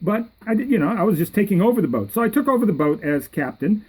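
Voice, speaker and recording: A middle-aged man with a fairly high voice tells a story in a loose, rambling monologue. He circles back and repeats phrases, and he lifts his voice when he quotes other people. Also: very animated, fast talker, darkish tone, breathy edge, rough recording. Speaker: yacht captain.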